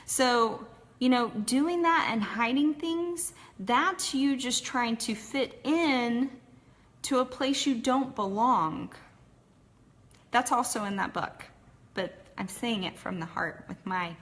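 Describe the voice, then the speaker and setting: Texan woman, casual storyteller, slightly high voice with a bright, sharp edge, chatty and candid. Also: takes it slowly. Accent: Texas. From Texas, USA. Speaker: personal storyteller. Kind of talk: casual personal story talk.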